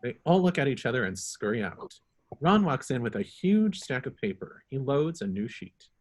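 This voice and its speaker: A man reading the stage directions in a script reading, brisk and matter-of-fact. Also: mid-range voice, big pitch swings.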